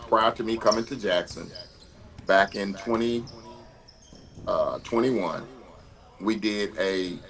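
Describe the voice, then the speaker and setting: Man in his fifties, lowish voice, animated storyteller who stumbles over his words. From Mississippi, US. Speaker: guest. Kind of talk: conversational storytelling.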